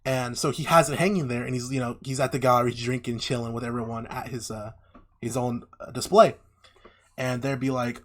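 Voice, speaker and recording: A man in the middle of a loose podcast chat, spinning a story and jumping into the voices of each person in it. His voice sits at an ordinary middle pitch, and he swears freely as he goes. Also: fast. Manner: animated storyteller acting out characters' lines, heavy swearing. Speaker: podcast co-host. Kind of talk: casual chat, retelling a story.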